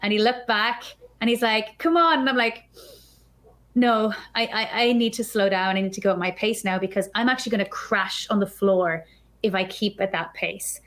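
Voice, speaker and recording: A woman guest on a podcast, telling a story in a chatty, animated way and acting out her own thoughts. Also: mid-range voice, moderate pace. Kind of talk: casual storytelling.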